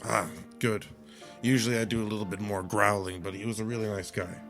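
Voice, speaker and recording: A man playing a tabletop game, talking in a dry, deadpan way. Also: lowish voice, brisk, music in the background. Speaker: player. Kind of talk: casual game play, in-character banter.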